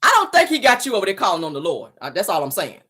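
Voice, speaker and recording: A woman's voice: fairly low pitch, sing-song, rapid-fire, fairly bright tone, slightly rough. A woman hosting a casual celebrity gossip show, sassy and teasing, laughing often as she reacts to viewer comments. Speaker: show host.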